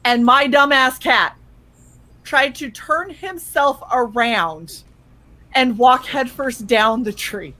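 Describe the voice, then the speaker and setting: Woman cohost, bright slightly high voice, animated storyteller, swears a lot, does little voices for the quotes. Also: takes it slowly, poor audio. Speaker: co-host of a chill stream. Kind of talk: casual chat.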